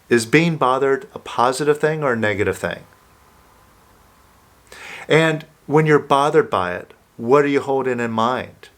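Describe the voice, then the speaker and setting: Male self-help coach, unhurried delivery, mid pitch, guiding listener through an exercise. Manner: slow, calm, coaching listener through steps.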